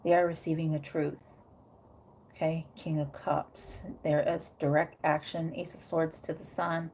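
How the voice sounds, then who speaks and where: A woman's voice: sits low, level tone, measured pace, a little mellow, a little hiss or hum. A woman giving a casual tarot reading, thinking aloud with many fillers and frequent "okay?" check-ins. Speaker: tarot reader.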